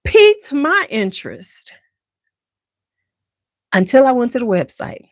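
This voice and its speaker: A sassy beauty channel host with a Chicago accent chats casually to camera, speaking slowly while her pitch leaps around expressively. She's animated and slips into high, exaggerated quotes. The recording is dry and close, with no room sound or echo.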